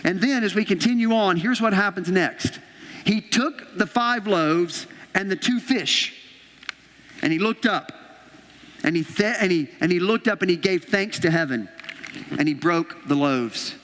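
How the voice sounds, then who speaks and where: A male pastor delivers an energetic sermon, retelling a Bible story and slipping into the voices of its characters. His voice sits high for a man and carries a long reverb from a large church hall. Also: a little slow. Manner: animated storytelling, acting out the characters' lines. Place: church auditorium.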